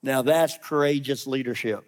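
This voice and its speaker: A man's voice: mid-range voice, normal speed. A man preaching a sermon as a pastor, talking in a conversational way, challenging his listeners directly and dropping sarcastic asides.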